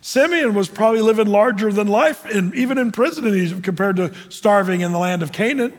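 High-voiced pastor preaching in a hall. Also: male voice, brisk. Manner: conversational, questioning the audience, frequent fillers. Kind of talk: sermon. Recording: long hall reverb.

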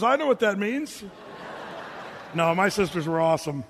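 High-voiced preacher in an echoey hall. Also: male voice, lively intonation, moderate pace, long pauses, a little hiss or hum. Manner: conversational, joking asides between scripture readings. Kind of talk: sermon.

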